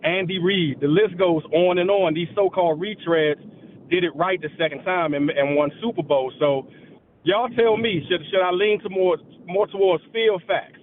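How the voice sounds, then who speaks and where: A middle-aged man calling into a radio show, talking in an animated, emphatic way. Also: high voice, normal speed, a little hiss or hum. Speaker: caller. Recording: tinny phone line.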